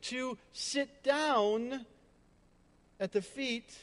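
Male pastor, high voice, emphatic sermon delivery with chatty asides, echoey hall. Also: drawn-out words, a bit bright. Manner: emphatic, repetitive, with conversational asides. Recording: long hall reverb.

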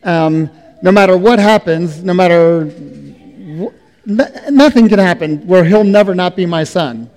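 A middle-aged man preaching a sermon as a pastor, speaking slowly and deliberately, letting his phrases trail off softly. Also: high-pitched. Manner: slow, deliberate preaching with soft trailing endings. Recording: long reverb of a hall.

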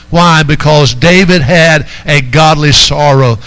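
A man's voice: on the high side, slow, bright, forceful tone, smooth, low-quality recording. A man preaching a sermon as pastor, driving his points home and calling out to the congregation. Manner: preaching with rising emphasis and call-outs to the congregation.

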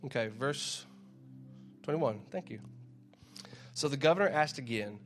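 A man's voice: medium pitch, normal speed, faint music behind. A man preaching in a casual, conversational way, reading scripture aloud and often repeating his words as he goes. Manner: conversational, repeats words, acts out crowd shouts.

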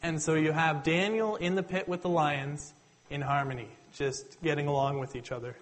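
Male preacher, animated storytelling sermon, casual, slightly high voice. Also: normal speed, rough recording.

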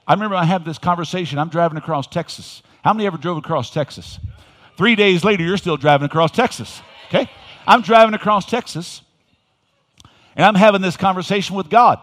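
Older male pastor, folksy sermon, loud emphatic bursts, long hall reverb. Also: high voice, animated, brisk. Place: church sanctuary.

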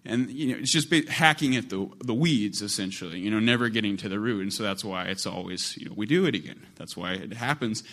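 A male preacher delivers a sermon in a relaxed, conversational way. His voice sits on the low side. He repeats phrases and stacks them to build his point. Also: a little fast, hardly any pauses. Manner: conversational, repetitive, building emphasis.

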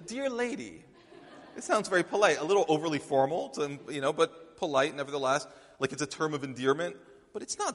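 A man's voice: fairly high pitch, a bit bright. Conversational preacher man in a reverberant hall. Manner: conversational storytelling with restarts. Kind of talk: sermon.

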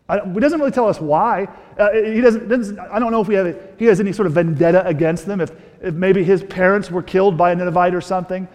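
A man preaching a sermon as pastor, animated and full of rhetorical questions, often restarting his sentences. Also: high-pitched, fast talker, few pauses. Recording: long reverb of a large hall.

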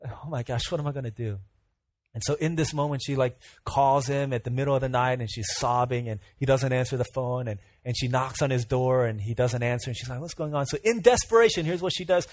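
A man preaching a casual youth sermon, telling stories in a lively way with many fillers and asides. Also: mid-range voice, fairly quick, few pauses, no echo. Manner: animated storytelling with fillers and asides.

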